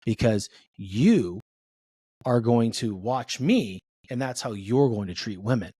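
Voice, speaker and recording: Husky man telling earnest stories. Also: mid-range voice, takes it slowly, dark tone, no echo, clean studio sound. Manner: earnest storyteller, acts out family dialogue. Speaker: podcast guest, father of three. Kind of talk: casual conversation.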